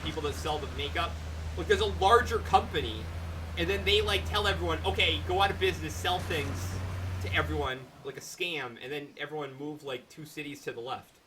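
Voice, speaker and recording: A gaming streamer giving rambling let's-play commentary who swears and bursts into excited shouting. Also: medium pitch, brisk, background noise. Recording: game music behind, voice a bit distant from mic. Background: game music.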